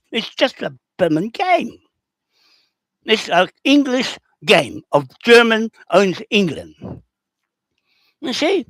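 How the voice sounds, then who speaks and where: Rough-talking New man hosting a livestream, combative and repetitive, with a lively voice swinging high and low. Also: no room sound. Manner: rough, confrontational, repeats himself. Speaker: livestream host answering comments. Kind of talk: rambling, combative livestream talk.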